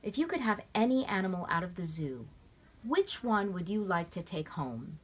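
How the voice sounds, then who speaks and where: A woman's voice: on the low side, very animated, moderate pace, breathy edge. Woman doing a firm, bossy oldest brother. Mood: musing. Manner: firm, in-charge tone. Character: eldest boy, bossy but thoughtful.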